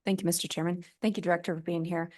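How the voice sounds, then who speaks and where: Lady state rep asking about numbers, slightly low voice, bit stumbly. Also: level tone, very fast, darkish tone. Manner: works through figures aloud, some stumbling. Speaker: state representative. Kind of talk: committee questioning.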